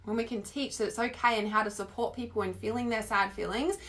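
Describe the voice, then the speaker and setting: An Australian woman giving a casual, chatty spiritual teaching talk, expressive and full of filler words. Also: a little high, fast.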